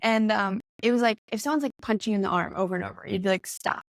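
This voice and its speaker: A woman's voice: mid-range voice, quick pace, dry recording. A young woman in her twenties, a podcast guest telling a personal story in a chatty way, full of "like" and acted-out quotes. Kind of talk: casual storytelling conversation.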